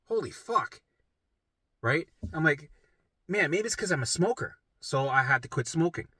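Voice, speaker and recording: Middle-aged man, casual storytelling, profane and rambling, very lively pitch, bright tense voice, dry close sound. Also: moderate pace, husky, no room sound. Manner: animated, profane, rambling with frequent "right?"; acts out his own past voices in sudden pitch jumps. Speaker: vlogger sharing his recovery story.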